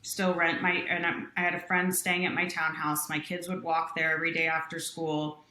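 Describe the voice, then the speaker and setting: Low-voiced woman telling a story. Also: moderate pace, roomy sound. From Utah. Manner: earnest, animated storytelling with quoted voices. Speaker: company president, guest. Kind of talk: personal storytelling in interview.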